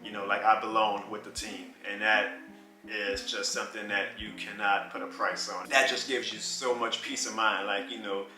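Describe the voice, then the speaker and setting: A man in his thirties telling a personal story in a casual vlog, animated and often laughing. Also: on the low side, moderate pace. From New Orleans. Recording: roomy with faint music.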